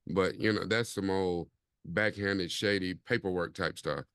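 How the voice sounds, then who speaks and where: A man's voice: low voice, steady tone, measured pace, fairly bright tone, smooth, no room sound, studio quality. A man hosting a casual podcast chat in a laid-back, rambling way, with plenty of fillers. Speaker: podcast host.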